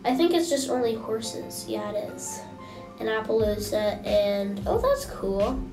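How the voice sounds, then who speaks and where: A young woman with a fairly high voice chats through her gameplay, excitable and gushing, taking her time between words. She sits a little away from the mic in an echoey room. Music plays clearly behind her. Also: unhurried, distant mic. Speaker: gaming channel host. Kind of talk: casual gameplay commentary.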